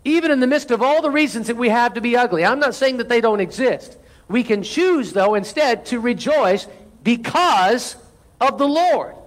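A man's voice: very high voice, animated, normal speed. A man preaching a morning sermon as pastor, earnest and leading the congregation in call-and-response. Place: church sanctuary.

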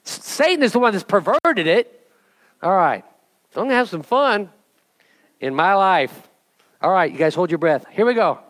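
A middle-aged male pastor preaching a sermon with an object lesson, jokey and animated, building to emphatic calls to the congregation. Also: high voice, moderate pace, dry recording.

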